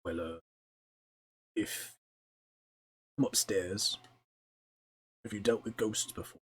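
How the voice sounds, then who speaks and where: A frightened, twitchy lodger, put on by a game master stammers and trails off as he talks. The voice stays low and close to everyday speech. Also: steady tone, measured pace, breathy edge. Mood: nervous. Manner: stammering, hesitant. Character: jittery, frightened male tavern lodger.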